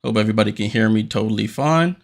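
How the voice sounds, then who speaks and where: A man hosting a watchalong stream, giving casual play-by-play commentary, a little out of breath and getting more energetic on big plays. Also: on the low side, quick pace, creaky. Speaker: watchalong host.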